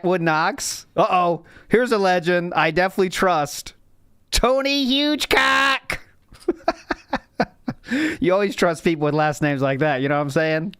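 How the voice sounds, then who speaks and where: Middle-aged guy streaming, lively up-and-down voice, dry close mic. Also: high voice, no echo. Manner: animated storytelling with loud exclamations and laughs. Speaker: streamer host. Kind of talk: casual livestream chat.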